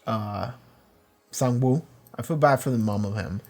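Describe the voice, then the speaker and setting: A man's voice: mid-range voice, unhurried, a little mellow, soft background music. A man hosting a reaction channel, rambling through casual commentary with many restarts and acting out quotes. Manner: acts out quoted characters.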